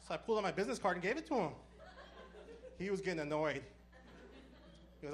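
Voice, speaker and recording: Fast-talking high-voiced male comedian. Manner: deadpan punchlines, brisk storytelling. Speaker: stand-up comedian. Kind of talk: stand-up comedy set.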